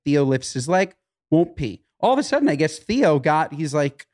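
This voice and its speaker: A man co-hosting a chatty podcast, with a voice pitched a bit high for a man. He tells an anecdote with lively delivery and does quick voices for the people in it. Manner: animated storyteller, voices the people in his stories. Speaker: podcast co-host. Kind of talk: casual chat.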